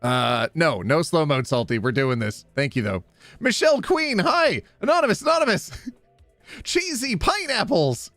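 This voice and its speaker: High, lively-voiced man reading donor names. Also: normal speed, dry recording, soft background music. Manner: reads names in bursts, trips over spellings, chatty asides. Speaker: livestream host reading out donors. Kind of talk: charity livestream, rapid name roll call.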